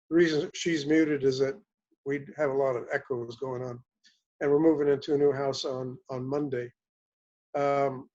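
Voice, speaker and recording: Guy on a call from a hotel room, kinda high voice, rambly storytelling, muffled audio. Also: dark tone. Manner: rambling and anecdotal, with restarts. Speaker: caller sharing a product testimonial. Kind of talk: casual testimonial on a group call. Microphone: online group call.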